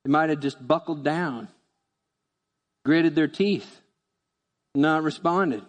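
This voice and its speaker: Male pastor, high voice, chatty animated sermon, reverberant church. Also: slow pace. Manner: conversational, animated, acts out voices.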